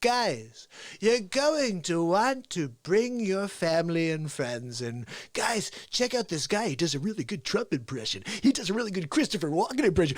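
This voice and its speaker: Animated male live-stream host. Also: on the high side, normal speed, dry recording, clean studio sound. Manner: animated, jumps between impressions and banter with viewers. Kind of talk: unscripted live-stream chat with impressions.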